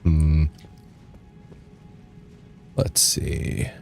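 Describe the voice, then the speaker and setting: A man's voice: rumbling low, flat delivery, drawn-out words, gravelly, a little mellow, faint music behind. A man streaming a game, chatting casually and joking, at times hamming up a bro voice. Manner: joking, slips into a mock bro voice. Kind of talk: casual gameplay commentary.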